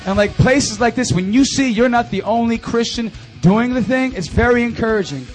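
A young man in his twenties giving an animated, chatty testimony and announcements to a youth group at a church service. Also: extremely high pitch, normal speed, soft background music. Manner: animated and conversational, full of fillers. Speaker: youth ministry speaker.

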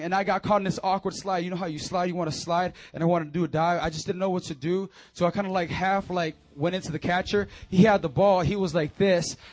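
A young man preaching a sermon in a church, swinging between loud urging and low confiding asides. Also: no room sound. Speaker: pastor. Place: church sanctuary.

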